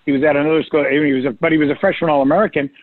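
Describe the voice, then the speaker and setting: An older man talks sports on a call-in radio show, rambling through stories and quoting coaches in a lifted voice. His voice sits a bit high, and the sound is dry and squeezed like a phone line. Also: fairly even intonation, very fast, no echo. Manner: storytelling, quotes coaches in a raised voice. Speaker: recruiting analyst guest. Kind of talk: casual radio sports talk.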